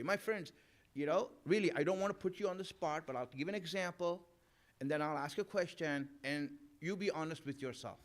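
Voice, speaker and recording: A man, a maulana, giving a sermon at a mourning gathering. He talks to the audience as friends and acts out imagined arguments. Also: high-pitched. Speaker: maulana giving a Muharram majlis talk. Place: Islamic center gathering.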